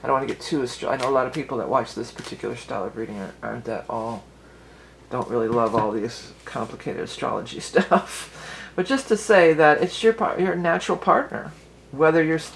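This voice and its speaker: Gravelly, chatty woman reading tarot. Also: very deep voice, animated, brisk, slight background noise, rough recording. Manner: chatty and rambling, often restarting sentences. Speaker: tarot and astrology reader. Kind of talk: casual tarot reading for viewers.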